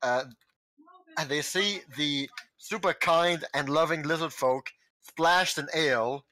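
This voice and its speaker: A man narrating a tabletop game as game master, halting with many restarts and chuckles. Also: fairly high pitch, pushed and bright, no room sound, rough recording.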